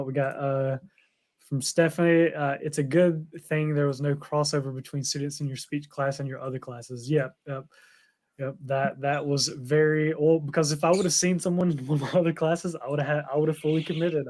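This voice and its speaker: A man's voice: on the high side, steady tone, brisk, a little mellow. Rambling young man. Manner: rambling, filler-heavy, with frequent "like". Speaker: podcast co-host. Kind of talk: casual chat.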